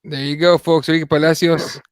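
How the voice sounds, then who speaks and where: A man's voice: a little high, flat delivery, fairly quick, clean tone, no room sound, clean studio sound. A man co-hosting a podcast, casually wrapping up a guest segment and steering the show. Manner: laid-back, wraps up segments. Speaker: podcast co-host.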